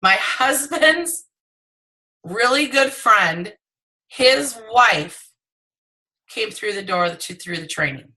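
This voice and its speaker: Bright-voiced woman giving a sales pep talk. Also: slow, long pauses, rough recording. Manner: animated, acts out dialogue with high excited voices. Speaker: direct sales team leader. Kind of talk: motivational training talk. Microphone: phone.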